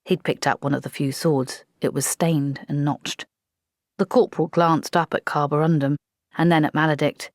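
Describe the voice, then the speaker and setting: A woman reading a comic fantasy audiobook in a steady, measured way. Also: low-pitched, dry recording, clean studio sound. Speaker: audiobook narrator. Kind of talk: scripted narration.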